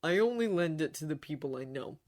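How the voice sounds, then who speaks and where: A woman's voice: low-pitched, lively intonation, a little fast, darkish tone. A woman voicing a young schoolboy wizard who talks plainly and a little awkwardly, close to her own voice.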